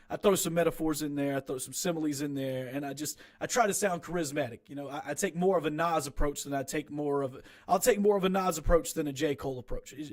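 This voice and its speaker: A young man with a slightly high voice talks casually from his small home recording room. He critiques his own rap track in a rambling, frank, self-deprecating way, restarting often.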